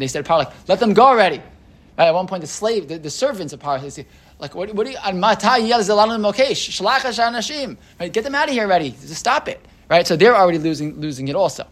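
Thinking out loud with frequent restarts, a Torah teacher guides a text study group, reading aloud, explaining, and repeatedly checking in with "right?" His voice sits a little high.

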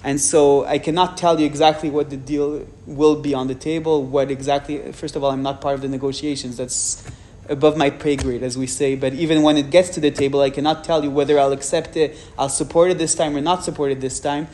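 A man with a French accent, giving a public talk and answering audience questions frankly, with measured pauses and restarts. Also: a little high, little pitch movement, a little mellow.

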